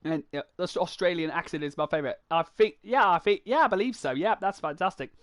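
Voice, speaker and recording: A young man from the UK, a gaming streamer, talks fast at a fairly high pitch in a dry recording. He rambles to his viewers in stop-start fashion while playing a racing game, its music loud beneath his voice.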